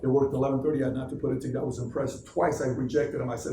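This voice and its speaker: A man's voice: mid-range voice, steady tone, racing, warm tone, a little hiss or hum. A man, a CEO, telling a motivational story to his staff in punchy, emphatic short sentences. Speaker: CEO giving a talk to staff. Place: office room. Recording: echoey room, distant mic, faint ambience.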